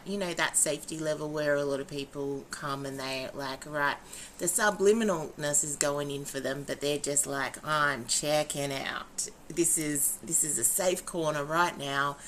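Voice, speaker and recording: A woman's voice: low-pitched, a little hiss or hum. A woman, a podcast co-host and facilitator, chatting casually and acting out quotes as she tells stories. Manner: animated storytelling, acting out quotes with laughs.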